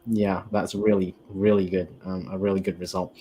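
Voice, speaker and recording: A man on a video call, introducing himself in a relaxed, casual way with many fillers. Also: sits low, normal speed, slight background noise. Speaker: panel guest. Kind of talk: casual chat.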